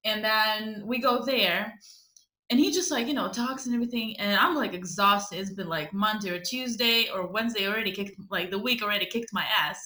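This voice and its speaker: A young Ukrainian woman co-hosts a podcast, telling a story in casual chat, swearing freely and laughing often. Her mid-range voice is pushed and bright, and she speaks fairly quickly. The room sounds echoey.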